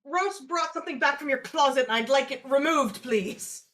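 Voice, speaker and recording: High-pitched playful woman player. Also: fairly bright tone. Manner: playful, quick back-and-forth. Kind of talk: in-character tabletop role-play.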